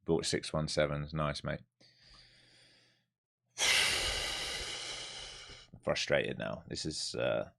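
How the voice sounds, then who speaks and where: A man's voice: extremely low pitch, vocal fry, fairly bright tone. A man giving live commentary to viewers as he trades, blunt and profane as he thinks aloud over the charts. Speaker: live-streaming day trader.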